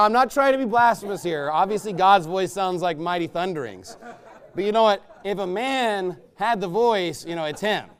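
A man, a pastor, delivering a sermon in a blunt, emphatic and scornful way, with loud bursts. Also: high-pitched.

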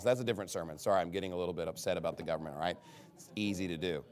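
A man pastor preaching a sermon, animated and sarcastic, firing off rhetorical questions to his congregation. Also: sits low, very fast.

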